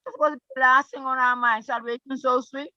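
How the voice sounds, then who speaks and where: A woman's voice: high voice, steady tone, fast, bright, forceful tone, dry recording, highs cut off. A woman speaking as a study group speaker, giving impassioned, emphatic religious talk full of repetitions.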